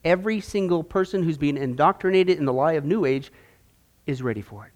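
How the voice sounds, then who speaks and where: A man's voice: on the high side, expressive, fairly quick. A man preaching a sermon-style Bible lesson, emphatic and sarcastic, full of rhetorical questions.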